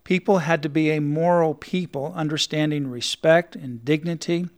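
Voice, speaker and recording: A man hosts a talk program in an earnest, explanatory manner. His voice sits a little high for a man. He often reads passages aloud to make his point. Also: steady tone, moderate pace. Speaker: host. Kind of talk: studio talk show discussion.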